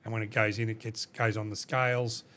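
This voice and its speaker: A man's voice: on the low side, little pitch movement, fairly quick, bright, forceful tone. A man, a company boss, talking casually in a podcast interview, explaining at length with many restarts and "you know". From Australia. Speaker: company CEO, guest.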